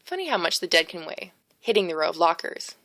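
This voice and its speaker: A woman reading a first-person novel aloud as an audiobook narrator, steady and expressive, close to the mic. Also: lowish voice, fast, no room sound. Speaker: audiobook reader.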